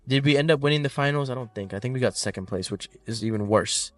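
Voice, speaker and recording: A man's voice: medium pitch, fast talker, no echo. Laid-back young man telling stories. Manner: laid-back storyteller, swears casually. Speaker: podcast co-host. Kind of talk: casual chat. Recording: slightly distant mic, dry room, faint music.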